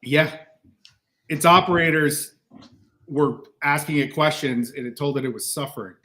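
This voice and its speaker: A man's voice: fairly high pitch, moderate pace, pushed and bright. A man in casual panel chat, musing and theorizing, often restarting his sentences.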